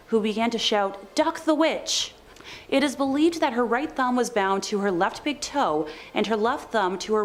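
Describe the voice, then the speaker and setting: A woman narrates a countdown script with a lively, bouncing pitch. Her voice sits at a middle height, and she slips in wry little asides. A faint hiss of noise stays under her voice.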